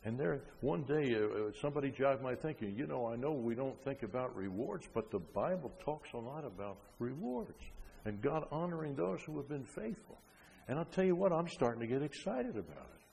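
An older man preaching a sermon, emphatic, with frequent rhetorical questions, rising loud and then dropping soft. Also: medium pitch, very animated, fairly quick, gravelly, slight background noise. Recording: long hall reverb.

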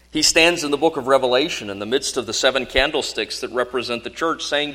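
Bright-voiced preacher in a reverberant hall. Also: male voice, mid-range voice, lively intonation, fairly quick, hardly any pauses. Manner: earnest, questioning, emphatic. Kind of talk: sermon.

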